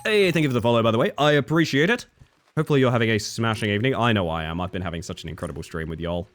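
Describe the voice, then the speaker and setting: A man's voice: fairly low pitch, lively intonation, racing. A young man from Western Australia with a Western Australian accent tinged with British, chatting playfully with viewers while gaming on a live stream.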